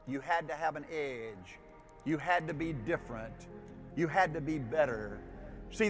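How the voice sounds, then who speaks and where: Folksy man, fiery motivational speech. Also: fairly high pitch. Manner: folksy, emphatic, rising to shouts. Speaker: motivational speaker. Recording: speech with music underneath.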